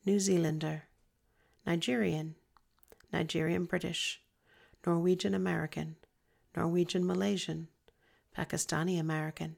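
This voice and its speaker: Woman reading info text, gravelly voice, steady list-like reading. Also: lowish voice, normal speed, pauses often. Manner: even, list-like delivery. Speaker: narrator reading an informational text. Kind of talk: scripted informational reading.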